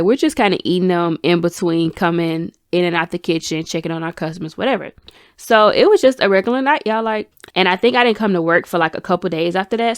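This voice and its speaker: A young woman hosting a podcast, telling a story in an animated, chatty way and calling her listeners y'all and honey. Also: fairly low pitch, dry recording, clean studio sound. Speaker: podcast host. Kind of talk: casual storytime chat.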